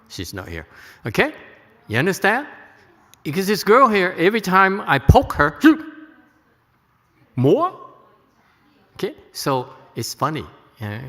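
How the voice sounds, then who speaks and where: A man's voice: fairly low pitch, fairly bright tone, long reverb tail. A man teaching at a temple, giving a Buddhist lecture to an audience, joking and checking they follow. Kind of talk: dharma lecture.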